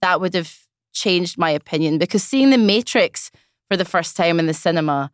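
A woman, chatting casually on a podcast, self-mocking and quick to laugh. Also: fairly low pitch, lively intonation, no echo, studio quality. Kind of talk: casual chat.

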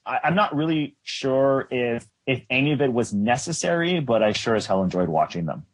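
Husky man chatting about TV. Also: medium pitch, normal speed. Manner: animated, does mocking voices when quoting. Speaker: podcast co-host. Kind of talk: casual TV discussion.

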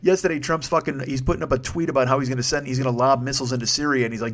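Fast-talking profane male podcast host. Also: medium pitch, steady tone. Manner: profane, sarcastic and rambling. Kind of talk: solo comedic rant. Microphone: desk microphone.

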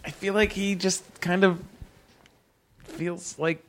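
A man's voice: high voice, flat delivery, slow pace, a bit bright, a little hiss or hum. A man co-hosting a podcast in casual chat, easygoing and joking. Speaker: podcast co-host.

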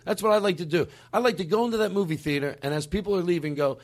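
A man co-hosting a comedy podcast, talking in goofy, loose banter and quick to laugh. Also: a little high. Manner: animated, goofy, quick to laugh and do silly voices. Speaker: podcast co-host.

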